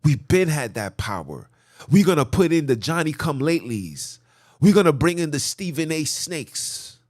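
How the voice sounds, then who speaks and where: A man's voice: a little high, sing-song, moderate pace, a little mellow, dry recording, clean studio sound. A man hosting a podcast, delivering a heated, preachy monologue that drives his points home with repeated lists. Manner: preachy, emphatic, repetitive lists. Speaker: podcast host. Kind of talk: ranting commentary monologue.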